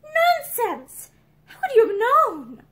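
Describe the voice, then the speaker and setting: A startled young wife who protests and repeats words in disbelief, played by a woman reading a novel. The voice is high with wide rises and falls, like a storybook reading. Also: very animated, normal speed. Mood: flustered.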